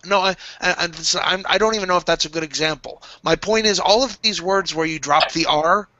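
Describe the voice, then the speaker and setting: A man's voice: sits high, fairly quick, hardly any pauses, pushed and bright, highs cut off. An American man on a casual livestream chat, lecturing and arguing insistently about pronunciation. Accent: General American.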